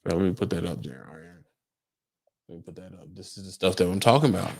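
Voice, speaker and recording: A man's voice: low-pitched, lively intonation, quick pace, vocal fry, darkish tone. A young adult man, a truck driver, talking casually on a livestream, firing emphatic rhetorical questions at his viewers.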